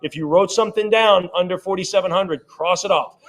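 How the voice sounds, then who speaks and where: A man working as an auctioneer at a live sale, rattling off rising bids in quick repeated calls and breaking off for friendly asides about the items. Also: high voice. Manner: rapid repetitive bid calling with chatty asides.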